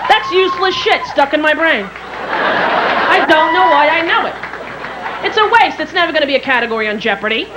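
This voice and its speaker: A woman in her thirties, a stand-up comedian telling quick, animated stories with jingles and shrill impressions on a theater stage. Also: over a noisy crowd. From New York area. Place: theater stage before a live audience. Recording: live stage mic with loud audience and hall noise.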